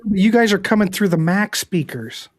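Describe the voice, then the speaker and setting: A man's voice: high voice, animated, moderate pace. A man hosting a live panel stream, talking casually and passing the turn to the next guest. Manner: chatty, flustered by tech trouble, a little profane. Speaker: host. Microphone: streaming mic.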